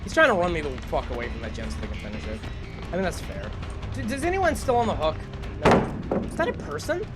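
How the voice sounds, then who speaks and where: Lively, swearing game streamer. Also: medium pitch, quick pace, loud music behind the voice. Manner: chatty, swears a lot, self-mocking. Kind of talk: casual live-stream gaming commentary.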